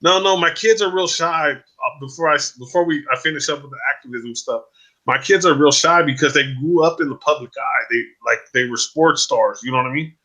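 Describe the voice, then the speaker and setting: Bright-voiced animated man. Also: on the high side, fairly quick. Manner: animated, keeps asking "you know what I mean". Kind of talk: casual chat.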